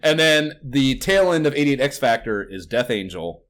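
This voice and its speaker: A man's voice: medium pitch, moderate pace. A man co-hosting a podcast, talking casually, rambling, swearing freely and breaking into incredulous outbursts. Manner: rambling, swears often, animated outbursts of disbelief. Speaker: podcast co-host. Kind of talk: casual chat.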